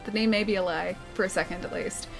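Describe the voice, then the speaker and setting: A woman's voice: medium pitch, steady tone, quick pace, soft background music. A young Australian woman streaming a game, chatting casually with her chat and laughing often.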